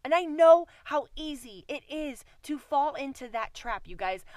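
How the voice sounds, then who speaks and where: A woman's voice: high-pitched, lively intonation, unhurried, darkish tone, no room sound. A woman giving an earnest, conversational devotional message that closes in prayer, repeating phrases for emphasis and talking to listeners as "you guys". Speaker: Christian speaker.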